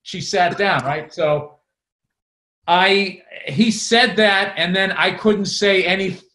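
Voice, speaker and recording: A man co-hosting a podcast, telling comedy club stories in a profane, animated way. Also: high-pitched, takes it slowly, echoey room. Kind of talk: casual storytelling chat.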